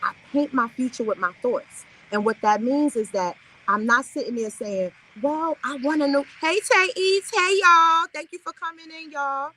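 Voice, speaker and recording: A woman's voice: sits high, expressive, moderate pace, sharp tone, a little hiss or hum, low-quality recording. A woman hosting a live affirmation stream, giving an upbeat, preachy motivational talk and chatting with her viewers.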